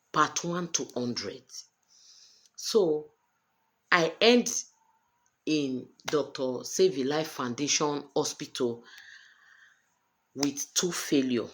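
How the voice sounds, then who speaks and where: A woman's voice: sits low, a bit bright. Earnest Nigerian woman vlogging. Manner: emphatic, repetitive, earnest. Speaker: vlogger sharing a personal story. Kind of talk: personal vlog monologue.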